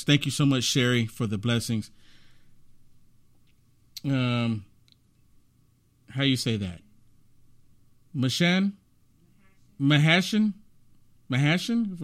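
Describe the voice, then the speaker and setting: A man hosting an opinion livestream, talking in a preachy, emphatic way that rises to indignation. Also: medium pitch. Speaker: commentary host.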